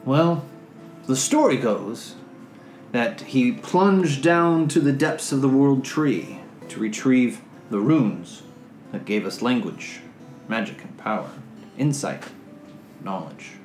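A man's voice: mid-range voice, lively intonation. A man doing an old campfire storyteller. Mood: hushed, solemn. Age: older. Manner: slow, hushed storytelling. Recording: roomy sound with faint music.

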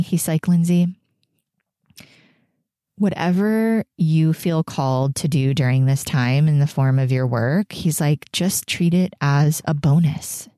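Podcast host, woman in her 30s, pregnant, low voice, candid and meandering, dry close mic. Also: slow, mellow, no room sound. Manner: candid, emotional, rambling with many fillers. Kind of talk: reflective solo podcast.

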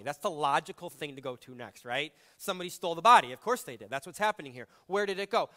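A male pastor preaches in a bright, slightly raised voice. He talks conversationally and with feeling, pressing hard on some phrases and dropping soft on others. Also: on the high side, expressive, quick pace, hardly any pauses. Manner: conversational, emotive, shifting between loud emphasis and soft reflection. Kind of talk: sermon.

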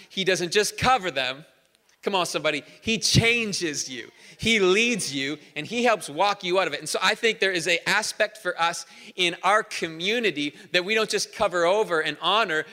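A man preaching a sermon as pastor, earnest, building to emphatic repeated phrases in a large church hall. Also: on the high side. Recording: live church hall reverb with soft instrumental music.

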